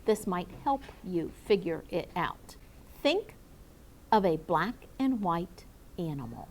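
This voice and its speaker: A woman's voice: on the low side, very animated, slow pace, a little mellow, a little hiss or hum. A woman teacher leading a grammar review with her class, patiently asking questions and calling on students by name. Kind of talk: classroom lesson to students and viewers.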